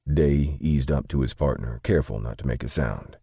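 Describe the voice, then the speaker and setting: A man narrating an audiobook novel in a steady, even storytelling delivery. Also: rumbling low, moderate pace, slightly rough, dry recording, clean studio sound. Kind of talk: scripted narration.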